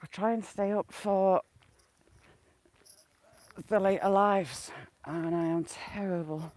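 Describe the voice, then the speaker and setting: In this casual lakeside walk-and-talk, a female vlogger chats to herself and lovingly calls to the ducks. She speaks slowly in a mid-range, slightly mellow voice with fairly even intonation, and there's no echo.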